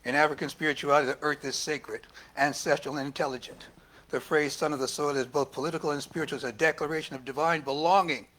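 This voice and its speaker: A man preaching a sermon as minister, lively and talking back and forth with the congregation. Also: fairly high pitch, fast. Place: church service.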